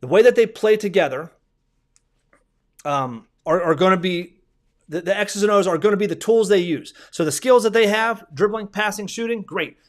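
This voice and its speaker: A man's voice: high-pitched, normal speed. A male basketball coach giving a clinic lecture in a conversational way, repeating himself and restarting sentences often.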